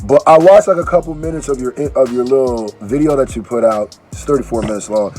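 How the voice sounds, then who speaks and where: A man's voice: mid-range voice, normal speed, darkish tone, faint music behind. A man who is a musician, chatting loosely in slang for a reaction video, groggy from allergy medicine and restarting his sentences. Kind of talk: casual reaction video chat.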